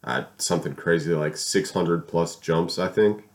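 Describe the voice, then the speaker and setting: A young man with a very low voice tells stories with animated energy. He swears freely and slips into little voice impressions. The talk is relaxed banter between friends. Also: unhurried. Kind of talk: casual chat.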